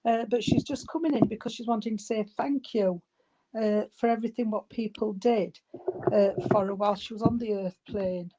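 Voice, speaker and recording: A woman working as a spiritualist medium at a church service, relaying messages in a halting way and often calling the listener darling or sweetheart. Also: mid-range voice, steady tone, lo-fi sound. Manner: halting, with many fillers and restarts. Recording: loud background noise with clicks.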